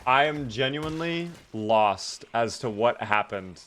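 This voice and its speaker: A man's voice: mid-range voice, animated, unhurried, a bit bright, a little hiss or hum. A man streaming a game live, chatting casually with viewers in a joking way and swearing freely. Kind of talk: casual live gameplay chat.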